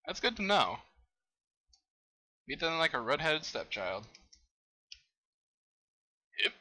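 A young man commenting on a game he is playing, excitable, exclaiming and laughing at what happens on screen. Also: fairly high pitch, slow, rough recording. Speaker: gamer. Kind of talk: let's play commentary.

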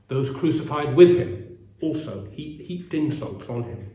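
Guy preaching in a church, slow earnest sermon, kinda echoey room. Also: a little high, animated, mellow. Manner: measured, earnest delivery with pauses. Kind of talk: sermon with scripture reading. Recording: roomy echo.

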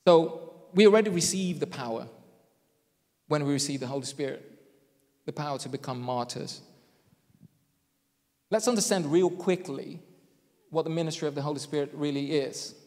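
A man's voice: a little high, darkish tone. Man preaching in a reverberant church hall. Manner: conversational, self-deprecating asides; deliberate, emphatic phrasing. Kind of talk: sermon.

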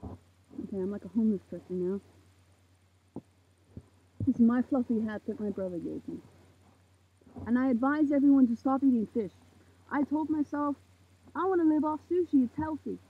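18-year-old woman, fired-up swearing rant, very husky high voice, tinny phone-like sound, outdoors at night. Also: moderate pace, pauses often. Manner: heated, swearing, preachy outbursts. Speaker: vlogger. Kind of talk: impassioned rant to camera. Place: outdoors in a parking lot at night under a makeshift roof.

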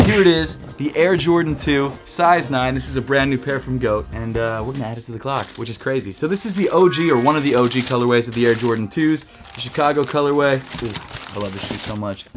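A young man chatting excitedly and rambling as a vlogger, a little out of breath. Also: medium pitch, fast, faint music behind. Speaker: sneaker vlogger. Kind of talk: casual vlog chat.

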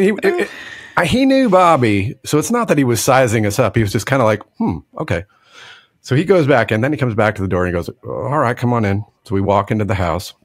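Lively storytelling man with a dry sound. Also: lowish voice, slightly rough, no room sound. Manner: animated, laughing often, acting out others in a put-on drawl. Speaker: podcast co-host telling a story. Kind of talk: casual storytelling chat.

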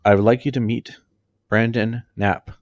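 A man voicing a formal adult woman teacher in a storybook reading, close to his own low voice. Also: fairly even intonation, normal speed, dry recording, highs cut off, lightly acted.

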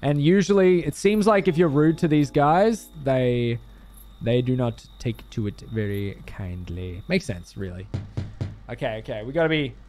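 A man's voice: mid-range voice, lively intonation, unhurried, a little mellow, soft background music. A male streamer commenting live on a game, joking and swearing as he plays and thanks his chat.

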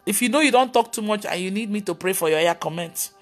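A woman pastor on a live video preaches at a fast clip in a medium-pitched voice while faint music sounds behind her. She scolds with emphatic exclamations and tells animated stories, mimicking the voices of others.

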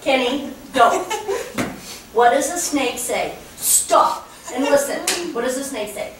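A woman's voice: high-pitched, lively intonation, takes it slowly. A woman playing an impatient mother who keeps correcting her young son in a workshop role-play. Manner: corrective, repeats the child's name. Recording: echoey room, distant mic, background noise.

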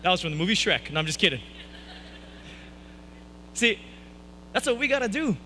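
Brief: male preacher, high bright voice, self-mocking humor, church sermon. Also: sing-song, moderate pace, slight background noise, rough recording. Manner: playful, self-mocking, jokey asides.

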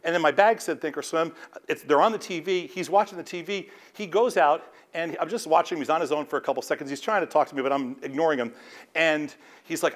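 A man with a slightly higher voice tells a story on stage as the host. He is animated, acting out each quoted line as he goes. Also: brisk. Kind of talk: anecdote told on stage.

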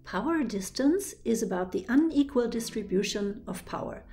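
A woman trainer from Germany, speaking with a German accent, lectures clearly and methodically, breaking ideas into careful steps and giving examples. Her slightly high voice is expressive and darkish in tone at a moderate pace, with soft music underneath.

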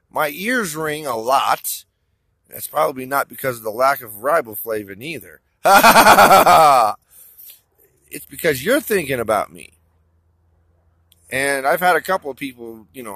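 A man with a slightly high voice talks slowly and haltingly while out walking in open country. He fills his pauses with ums and uhs and keeps restarting, speaking directly to an absent listener. The sound is close and dry, with no room around it. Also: fairly bright tone, breathy edge, no room sound. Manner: halting, with many fillers and restarts. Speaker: vlogger. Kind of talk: rambling personal walk-and-talk vlog. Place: outdoors in open desert country. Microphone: phone or camera held while walking.

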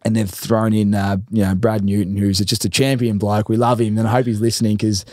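Animated Australian man swearing freely. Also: fairly low pitch, brisk, no room sound, clean studio sound. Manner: animated, profane storytelling. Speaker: podcast host. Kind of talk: casual interview chat.

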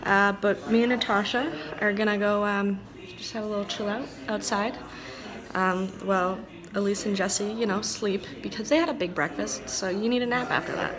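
A woman's voice: mid-range voice, steady tone, moderate pace, crowd noise. A woman vlogging outdoors by a garden, chatting casually to a handheld camera and playing a mock interviewer. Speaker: vlogger host. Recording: noisy outdoor camera audio.

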